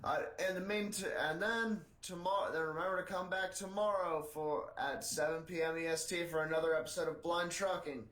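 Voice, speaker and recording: A man with a fairly high voice co-hosts a casual podcast, reading out satirical news pieces with a dry, deadpan delivery. His voice sounds echoey, as if bouncing off the walls of a bare room. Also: brisk, hardly any pauses. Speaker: podcast co-host.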